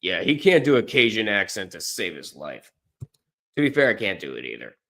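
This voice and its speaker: A man's voice: on the low side, very animated, moderate pace, pushed and bright. A man streaming college basketball, talking off the cuff in a loose, rambling way. He keeps correcting himself mid-sentence and jokes at his own expense. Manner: rambling, self-correcting, self-deprecating. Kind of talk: casual live-stream commentary.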